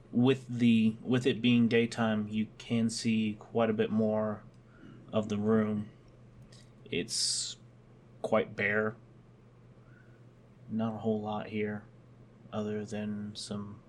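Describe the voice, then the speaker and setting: A man narrating as game master of a tabletop game, in a relaxed, meandering way. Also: fairly low pitch, slight background noise.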